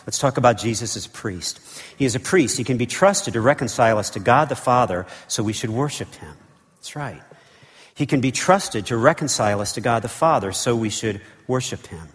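Male pastor, low voice, emphatic sermon, repeats key lines, long hall reverb. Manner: emphatic preaching with repetitions and asides. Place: church sanctuary.

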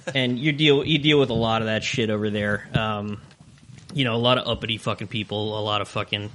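A young man telling profane, animated stories as a guest in a casual podcast chat. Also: lowish voice, brisk.

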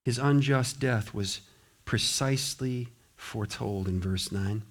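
Fervent pastor preaching with big dynamic swings. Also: male voice, medium pitch, measured pace. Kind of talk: sermon.

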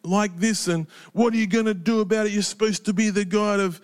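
A man voicing a grown man who whines and complains to God in a high, petulant tone, as a quoted figure within a sermon. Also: steady tone, clear, resonant tone, close to an everyday voice. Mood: whiny. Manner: high, fast, petulant whining.

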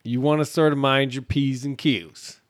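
A man being interviewed on a podcast, talking casually about his work in an easygoing, measured way. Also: mid-range voice, steady tone, no room sound, clean studio sound. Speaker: podcast guest. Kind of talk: casual chat.

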